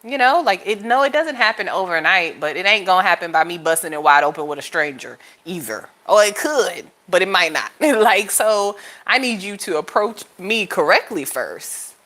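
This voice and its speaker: A young adult woman with a slightly low speaking voice chats casually to camera as the host of a tarot channel. She tells stories with lots of energy and jumps into high, playful voices when she quotes people. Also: normal speed, hardly any pauses. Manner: animated storytelling, jumps to high-pitched voices for quoted lines, laughs often.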